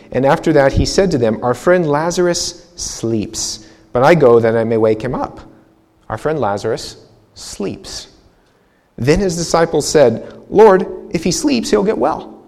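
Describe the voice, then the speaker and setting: A man's voice: medium pitch, darkish tone. A man leading a Bible seminar, preaching in a casual, conversational way with frequent repetitions and restarts. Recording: long reverb hall.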